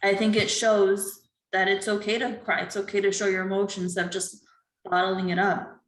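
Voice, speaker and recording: A woman interviewer speaking gently and reassuringly over a video call. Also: medium pitch, little pitch movement, normal speed, reverberant, poor audio. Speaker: interviewer, host. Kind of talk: supportive interview.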